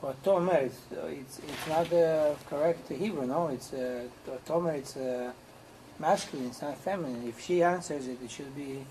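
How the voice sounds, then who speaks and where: A man in a class hesitantly asking a grammar question and pausing often. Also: on the high side, darkish tone, slight background noise, rough recording. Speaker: student.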